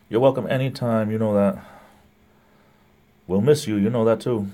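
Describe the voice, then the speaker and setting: A man's voice: lowish voice, steady tone, moderate pace, mellow. A man hosting a casual livestream, rambling, laughing often and greeting viewers by name as he reads their comments. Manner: laughs often between remarks. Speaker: livestream host. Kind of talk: casual live chat reading viewer comments.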